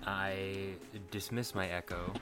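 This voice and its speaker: Deep-voiced male tabletop player. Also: steady tone, takes it slowly, over loud music. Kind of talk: casual chat in a tabletop game.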